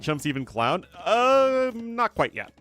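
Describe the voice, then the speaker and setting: Guy casting a strategy game match live, chatty, cracks jokes, answers chat, music playing low behind. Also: sing-song, slow, a bit bright. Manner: chatty, joking asides reading viewer chat. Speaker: game tournament caster. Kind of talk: live esports commentary.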